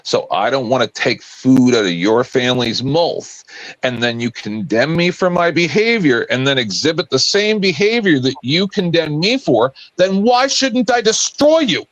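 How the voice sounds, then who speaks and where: A man's voice: medium pitch, lively intonation, normal speed, fairly bright tone, no echo, poor audio. A man on a livestream talking heatedly, swearing and ranting combatively. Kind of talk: heated casual chat.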